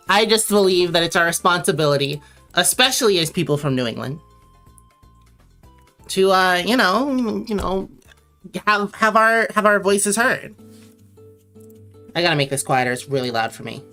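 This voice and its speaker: A woman's voice: mid-range voice, lively intonation, moderate pace, long pauses, fairly bright tone, soft background music. A young woman from Connecticut chatting casually on a late-night drawing livestream, rambling and answering viewers as she reads their messages aloud. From Connecticut, USA.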